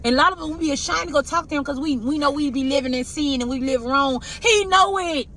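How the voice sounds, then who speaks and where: A woman's voice: high-pitched, fairly even intonation, fast talker, a bit bright. A woman reading tarot who gives a heartfelt, preachy spiritual pep talk to her viewers, talking about her own hurts and often asking if they get what she is saying. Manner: heartfelt and confessional. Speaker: tarot reader giving spiritual messages.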